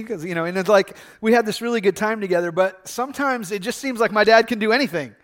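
High-voiced pastor telling a story. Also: male voice, fast talker, few pauses, a bit bright. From Michigan. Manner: conversational storytelling with frequent fillers and restarts. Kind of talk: sermon.

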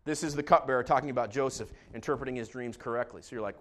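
A man preaching a sermon as pastor, joking and animated, moving between calm asides and loud bursts. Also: medium pitch, fast, hardly any pauses.

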